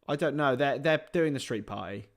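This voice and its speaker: A young man hosting a live football watchalong, joking with banter between bursts of excited play-by-play calls. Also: mid-range voice, moderate pace. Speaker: host.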